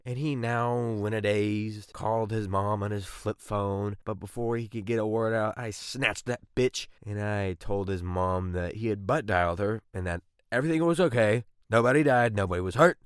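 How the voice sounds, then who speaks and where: A man in his twenties tells crude, self-mocking storytime anecdotes for an animation, with sudden loud bursts. His voice sits a little low and sounds smooth and resonant. The recording is close and dry, with no room sound. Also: moderate pace, hardly any pauses, dry recording. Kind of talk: comedic storytime narration.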